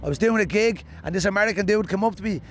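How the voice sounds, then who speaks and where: A man from Ireland with a Dublin accent, talking in a slightly high voice. He rambles through animated, joking stories like a stand-up comedian being interviewed, casual and quick to punchlines.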